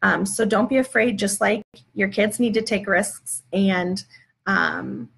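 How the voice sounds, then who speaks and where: A woman's voice: medium pitch, slow, vocal fry, fairly bright tone. Woman teaching parents in conversational live talk. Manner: conversational, works through example dialogues. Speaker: parenting educator.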